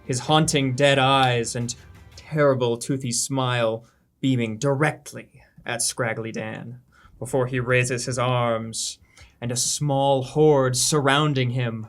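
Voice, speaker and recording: A player in a tabletop role-playing game, describing what the spirits do in steady, measured narration. The voice sits at a middle pitch. Faint music runs in the background.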